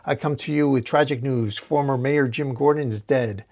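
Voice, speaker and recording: A man's voice: mid-range voice, moderate pace, gravelly, darkish tone, natural voice. A man voicing a male city mayor who makes a formal, solemn announcement.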